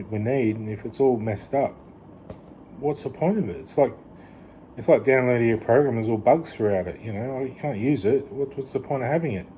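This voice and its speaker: A man's voice: medium pitch, dark tone, slight background noise. A man talking in a rambling vlog monologue, full of restarts and "you know". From Australia. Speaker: vlogger. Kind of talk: casual rambling monologue to camera.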